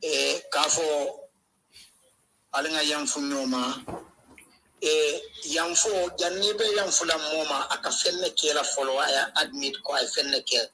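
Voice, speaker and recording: A man's voice: a little high, measured pace, sharp tone, slight background noise, rough recording. A man calling in to a political show, speaking hesitantly with fillers and repeated words. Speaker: caller. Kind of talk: political commentary on a call-in show.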